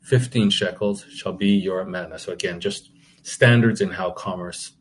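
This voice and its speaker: A male preacher with a somewhat low voice delivers an impassioned, indignant sermon, stumbling and restarting phrases as he presses his point. Faint ambience hums behind him. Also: fairly even intonation, moderate pace, slight background noise.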